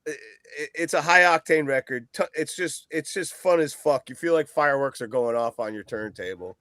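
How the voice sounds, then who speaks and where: A man's voice: on the high side, normal speed, pushed and bright, no room sound, studio quality. A man guest on a podcast chatting casually about a record, rambling, swearing and laughing often. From East Coast of the US. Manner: rambling, profane, laughs a lot.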